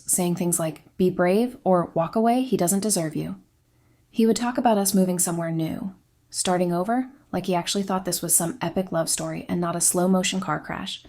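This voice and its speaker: A woman narrating a first-person story in a steady, confessional way. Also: fairly low pitch.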